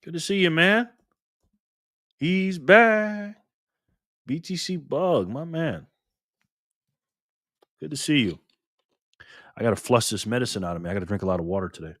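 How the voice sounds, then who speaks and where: A man's voice: mid-range voice, animated, fairly quick, pauses often, a bit bright, no room sound, studio quality. Upbeat man greeting his livestream viewers. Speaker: livestream host.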